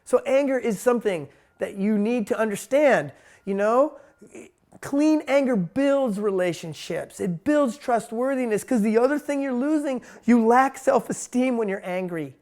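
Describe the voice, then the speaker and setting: A man's voice: extremely high pitch, lively intonation, unhurried, a little mellow. A man giving a spiritual talk in a blunt, emphatic monologue, swearing freely. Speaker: spiritual teacher.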